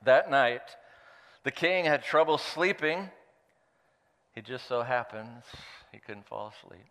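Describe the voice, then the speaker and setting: A man's voice: medium pitch, slow pace, long reverb tail. A man preaching, reading scripture aloud and adding playful, joking asides. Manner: playful, animated storyteller who jokes aside. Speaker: pastor.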